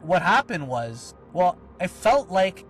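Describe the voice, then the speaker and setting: Over soft background music, a man with a high-pitched voice and big pitch swings talks slowly. As a podcast co-host, he casually tells a personal story, rambling, swearing, and using lots of fillers.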